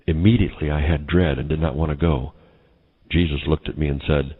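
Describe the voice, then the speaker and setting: A man's voice: a bass voice, steady tone, a little fast, husky, phone-quality sound. A man solemnly recounting a vision as a personal testimony. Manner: solemn, grave retelling of a vision. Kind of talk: testimony narration.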